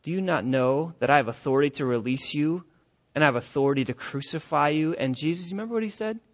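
A high-pitched man preaching a sermon in an emphatic, repetitive style. He swings between loud urging and hushed earnestness. The recording sounds somewhat dull and lo-fi. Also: lively intonation, fast talker. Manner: emphatic, repetitive preaching with rising and falling intensity. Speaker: pastor.

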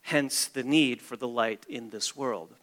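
A man's voice: mid-range voice, unhurried, a bit bright, in a large hall. A man preaching a sermon as a pastor, emphatic and repeating key phrases for stress.

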